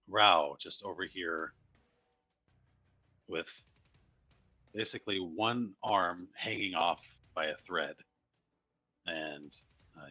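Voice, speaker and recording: A man narrating as dungeon master in a tabletop game, calm and low-key with frequent fillers. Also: no echo, muffled recording.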